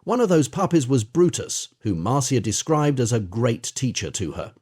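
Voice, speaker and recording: Husky-voiced man reading an audiobook. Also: mid-range voice, sing-song, normal speed, a little mellow. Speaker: audiobook narrator. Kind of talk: audiobook narration of an interview account.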